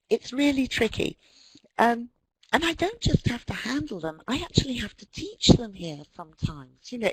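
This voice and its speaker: British woman, webinar presenter, husky voice, very animated pitch, dry close sound. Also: no echo, rough recording. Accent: British English. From Britain. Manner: animated, mimics quoted voices. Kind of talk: lively lecture with acted-out dialogues.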